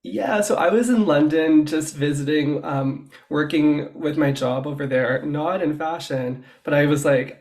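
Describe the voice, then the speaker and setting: A man being interviewed about his work as a stylist, telling his story in a chatty, animated way. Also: on the high side, a little slow, few pauses. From Canada. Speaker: guest, fashion stylist. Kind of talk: casual interview chat.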